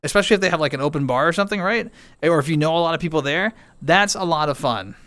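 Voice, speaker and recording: Streaming from home, a man chats with viewers at a quick pace, reading their messages in a playful, chatty manner. His voice is a little high and a bit bright, with lively, bouncy intonation.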